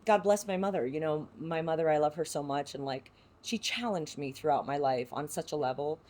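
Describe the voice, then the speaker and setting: Low-voiced woman, heartfelt. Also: a little fast, darkish tone. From San Diego, United States. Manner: reflective, heartfelt, full of "you know" fillers. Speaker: actress guest. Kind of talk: podcast interview.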